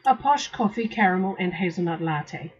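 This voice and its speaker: A woman's voice: fairly low pitch, expressive, moderate pace, dull audio, slight background noise. A woman co-hosting a casual live stream, reading out product names and chiming in with short remarks. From Australia or New Zealand. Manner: reads product names out, chimes in briefly. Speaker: co-host of a vape review stream.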